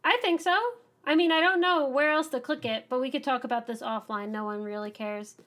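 A woman's voice: sits high, fairly bright tone. A woman co-hosting a podcast, chatting casually and ranting enthusiastically. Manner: enthusiastic, ranting, fast-moving. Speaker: podcast co-host.

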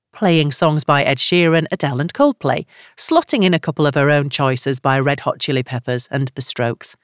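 A woman reading a novel aloud in a low voice, with a measured storytelling manner. The recording is close and dry, like a studio audiobook. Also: dry recording. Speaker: audiobook narrator. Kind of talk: scripted narration.

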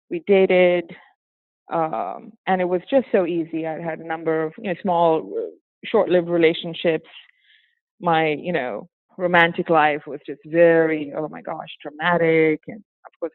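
A woman's voice: fairly low pitch, no room sound. A woman from Singapore with a hybrid accent that carries a hint of British, talking animatedly as an interview guest and often laughing. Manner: animated, laughs often, breaks into acted quotes. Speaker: interview guest, former teacher. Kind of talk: casual interview conversation. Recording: tinny phone-like line, dry.

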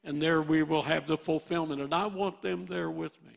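Impassioned old man preaching, gravelly voice. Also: a little high, steady tone, moderate pace. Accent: Midwestern American. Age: 80s. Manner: impassioned, swinging from loud bursts to hushed storytelling. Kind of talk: sermon.

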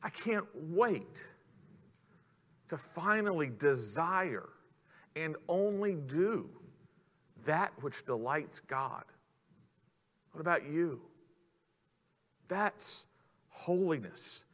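A man's voice: sits high, fairly bright tone. A man preaching a sermon in an earnest way, putting questions to the congregation. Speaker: pastor. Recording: long hall reverb.

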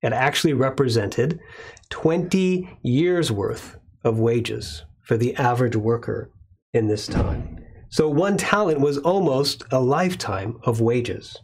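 A male pastor delivering a sermon in a measured way, slowing down to stress key words. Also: mid-range voice, breathy edge.

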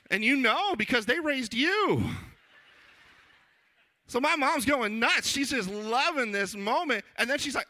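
A man's voice: sits high, moderate pace, long pauses. A man in his thirties, a children's pastor, giving a conversational sermon full of funny stories and acted-out voices. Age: 30s. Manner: animated, jokey, acts out quoted voices.

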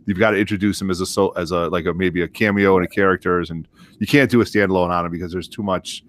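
A man's voice: low-pitched, fairly even intonation, fast talker, fairly bright tone. A man in easygoing casual podcast chat, tossing out ideas with some hesitation.

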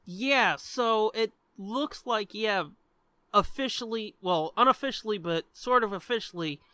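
A podcast co-host with a high, bright, smooth male voice trades loose, animated banter in casual chat, swearing freely and rambling through his points. He talks a little slowly, and the sound is dry and close with no room sound.

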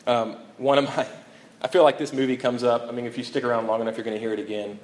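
A man preaching a sermon as pastor, earnest and emphatic, falling to a hushed tone on key lines, with conversational restarts and fillers. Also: medium pitch, flat delivery, quick pace, rough recording.

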